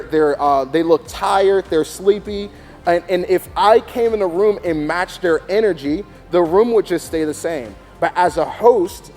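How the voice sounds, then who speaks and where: A man training student volunteers to host church services, emphatic and animated, often checking in with "okay?". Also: high-pitched. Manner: animated, emphatic, demonstrates with mock announcements. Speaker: youth ministry leader training hosts.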